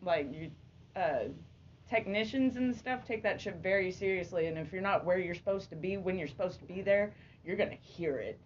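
A woman with a somewhat low voice explains backstage life casually, filling her sentences with "like". Her voice comes through a slightly dull recording with faint noise. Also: normal speed. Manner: explains at length with many "like" fillers. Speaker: podcast guest with theater experience. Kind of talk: casual chat.

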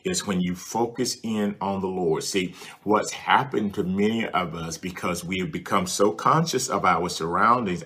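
Male preacher, deep voice, bright forceful tone, earnest, repeats his points, speaks to the listener. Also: breathy edge. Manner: earnest and repetitive, addressing the listener directly. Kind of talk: sermon with prayer ministry.

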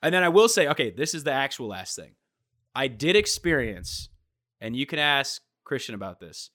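A man's voice: medium pitch, big pitch swings, normal speed, sharp tone. A young man in a casual chat, telling a travel story with lots of swearing and acting out the people he met.

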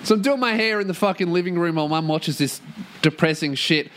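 A young man hosting a casual podcast, ranting in a sweary, animated way and breaking into loud put-on voices for quotes. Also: a little high, brisk. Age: young adult. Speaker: podcast host. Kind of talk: casual rant monologue.

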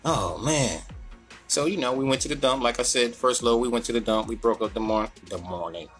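A man telling a long, profane work story in casual chat. He acts out the other people in a higher voice. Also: fairly quick, fairly bright tone, faint music behind.

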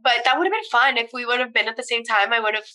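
A young woman from Pennsylvania talks through a relaxed chat with a friend in a bright, slightly high voice. Her speech runs loose and easy, full of "like" and casual swearing. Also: fast talker. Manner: chatty, filler-heavy with "like", casual swearing. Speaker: podcast co-host.

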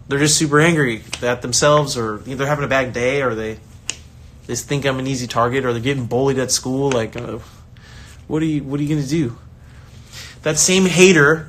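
A man, a soccer coach, giving a casual motivational talk with lots of energy, restarting sentences and acting out the voices of others. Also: mid-range voice. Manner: energetic, acts out quoted voices, rambling restarts. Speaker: soccer coach and online creator.

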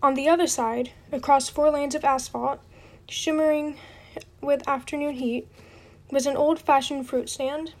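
A woman's voice: high voice, steady tone, a little slow. A woman reading a novel aloud at home in an unpolished, amateur style and apologizing for her slips. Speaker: reader.

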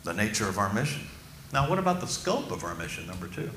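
A male pastor delivers a sermon in a bright, forceful voice. He is emphatic, slows right down to stress key phrases and asks the congregation questions. The sound is roomy, with a faint murmur of ambience behind. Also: fairly low pitch, sing-song, a little hiss or hum.

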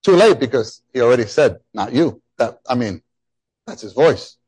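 A middle-aged man preaching a sermon, animated and emphatic, often repeating his phrases. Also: medium pitch, normal speed, breathy edge. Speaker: pastor.

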